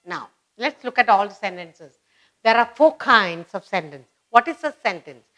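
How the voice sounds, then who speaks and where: A woman's voice: mid-range voice, expressive, moderate pace, bright, forceful tone. A woman teaching a children's grammar lesson, repeating each example sentence and explaining it step by step. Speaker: English teacher.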